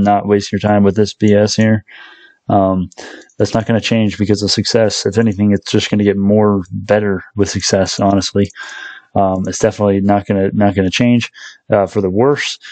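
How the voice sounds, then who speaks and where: A man's voice: fairly low pitch, a little mellow, no room sound. A man hosting a stock market channel, talking casually and rambling a little, correcting himself and addressing viewers as guys. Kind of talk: casual unscripted commentary to viewers.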